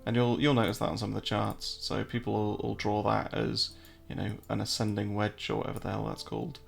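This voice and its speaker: A man's voice: lowish voice, completely flat delivery, fairly quick, vocal fry, faint music behind. An English man hosting a casual live-stream, joking, answering viewer chat and walking through trading charts. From England.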